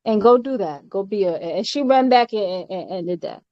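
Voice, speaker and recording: An emphatic woman teaches doctrine in a mid-pitched voice. She stumbles and repeats words, then presses each point home with "all right?" The recording is dull and lo-fi, with a dry, close sound. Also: lively intonation, dry recording. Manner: halting, with frequent fillers and repeated words. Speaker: spiritual teacher.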